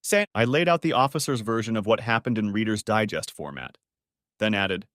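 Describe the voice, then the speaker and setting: A man's voice: on the low side, expressive, a little fast, a bit bright, no echo, clean studio sound. Man narrating a first-person story. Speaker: audiobook narrator.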